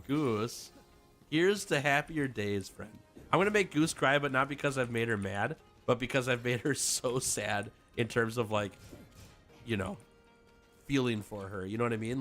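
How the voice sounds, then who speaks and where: A man with a mid-range, slightly bright voice talks at a moderate pace during a game stream, music playing underneath. His livestream chat is casual and playful, full of laughter and viewer messages read aloud.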